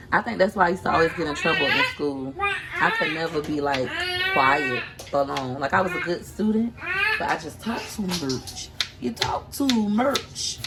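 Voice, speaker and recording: Filming on a handheld phone in her kitchen, a Tampa, Florida mom and vlogger chats and teases her viewers casually. Her lowish voice is gravelly, and there's heavy background noise.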